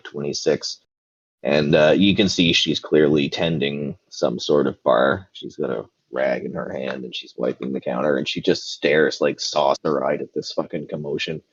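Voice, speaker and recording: Deep-voiced casual game master. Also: male voice, slightly rough, no room sound, lo-fi sound. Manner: casual, loose, filler-heavy narration. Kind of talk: narrating a tabletop game.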